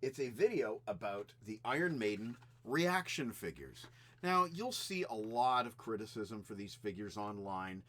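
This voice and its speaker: A man hosting a rock music vlog, telling anecdotes in a chatty, animated way. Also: lowish voice, unhurried. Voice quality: animated, chatty storyteller who does little sound effects. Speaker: host of a rock music video channel. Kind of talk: casual storytelling vlog.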